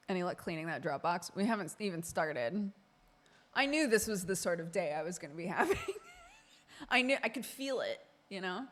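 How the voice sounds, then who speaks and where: A woman's voice: on the low side, animated, normal speed, long pauses, a bit bright. A woman streamer chatting casually with her viewers, laughing often as she talks. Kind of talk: casual live-stream chat.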